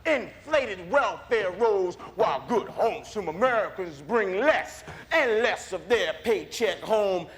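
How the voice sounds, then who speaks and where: A man's voice: sits high, lively intonation, exaggerated voice. A man voicing a bigoted cartoon preacher ranting. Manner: preacher-like, drawn-out shouted tirade. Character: bigoted male ranter preaching to his cousins.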